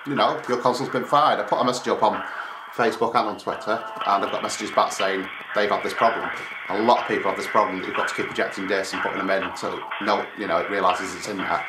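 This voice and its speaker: A man's voice: on the low side, steady tone, fast talker. A man venting angrily to his viewers while on hold with customer support, swearing a lot. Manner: angry, swearing, exasperated. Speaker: gaming website owner and YouTuber. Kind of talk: venting to camera during a support call. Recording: echoey room with clear background noise.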